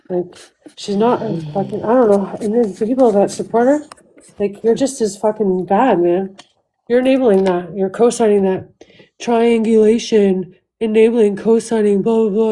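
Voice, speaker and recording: Angry woman ranting on a livestream, dark voice. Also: medium pitch, poor audio. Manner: profane, venting, fast restarts. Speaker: livestream host. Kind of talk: heated livestream rant.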